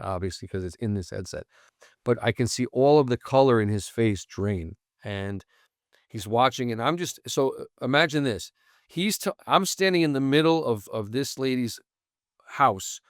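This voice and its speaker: A man's voice: mid-range voice, dry recording, studio quality. A man, a podcast guest telling a long story casually, full of fillers and restarts. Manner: rambling, many fillers and restarts. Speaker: interview guest, founder.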